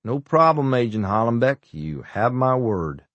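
A man's voice: mid-range voice, sing-song, a little slow, fairly bright tone, no echo, lo-fi sound. A man voicing a wisecracking male doctor who puts on a bad Scottish accent, in an audiobook. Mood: teasing. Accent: fake Scottish. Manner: teasing, wisecracking. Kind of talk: audiobook character voice.

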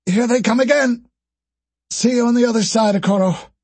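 Man reading wounded woman soldier, weak, high and husky, audiobook. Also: a little mellow, no room sound, heavily acted. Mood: desperate. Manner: weak, hurried.

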